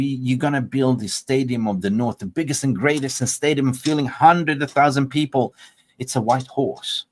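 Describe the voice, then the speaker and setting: Exasperated man hosting a fan channel. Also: mid-range voice. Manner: exasperated, repetitive, rhetorical questions. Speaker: football channel host. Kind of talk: reaction commentary.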